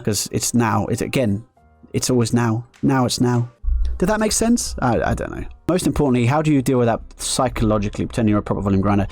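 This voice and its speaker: A man's voice: medium pitch, lively intonation, fast, darkish tone, no room sound, soft background music. A man commentating his own live poker play on stream, joking sarcastically at his own expense between strategy talk. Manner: self-mocking, sarcastic joking.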